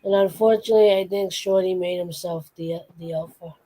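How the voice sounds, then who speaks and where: Woman co-host chatting about her cats, lively storyteller, warm mellow tone. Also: fairly low pitch, fairly quick, rough recording. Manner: animated storytelling, acts out her pets' voices. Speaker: podcast co-host. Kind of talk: casual chat.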